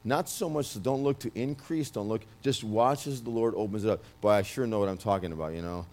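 A man with a New York accent delivers a prophetic word to a listener. His low voice stays loud and emphatic even when he tries to soften it, and he often restarts his sentences as he goes. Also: a little fast. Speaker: minister giving a prophetic word. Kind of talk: prophetic ministry speech.

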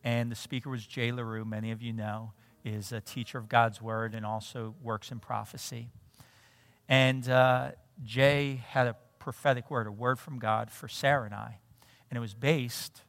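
A middle-aged man giving a sermon in a church, telling a personal story in an animated way and acting out the dialogue. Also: mid-range voice, moderate pace, no room sound. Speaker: pastor. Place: church sanctuary.

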